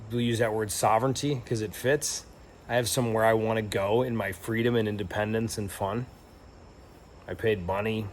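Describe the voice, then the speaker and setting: A man's voice: on the low side, slight background noise. A young man telling a travel story in a casual, rambling and reflective way, with lots of fillers and restarts. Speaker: travel vlogger.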